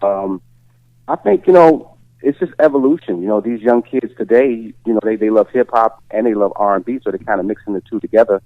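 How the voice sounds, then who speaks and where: A singer from Chicago giving a phone interview, speaking in a relaxed way with lots of "you know" and "uh". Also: male voice, on the low side, brisk, no room sound. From Chicago, USA. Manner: relaxed, filler-heavy talk with many "you know"s. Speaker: guest singer. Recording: tinny phone line.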